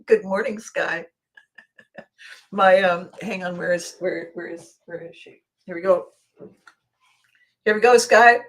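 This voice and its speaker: A woman's voice: fairly low pitch, fairly even intonation, slow, long pauses, rough recording. A middle-aged woman hosting a casual livestream chat, talky and laughing often, restarting her sentences. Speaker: host.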